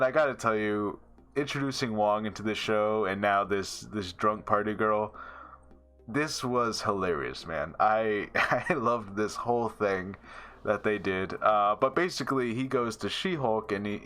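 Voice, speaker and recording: A man's voice: lowish voice, unhurried, fairly bright tone. A man casually reviewing a TV episode, rambling with many fillers and little laughs. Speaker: show reviewer.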